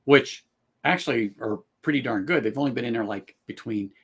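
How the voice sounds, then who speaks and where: A man's voice: mid-range voice, a little fast, a bit bright, breathy edge. A man guest on a casual whiskey live stream, thoughtful, drawing out his phrases, with dry jokes.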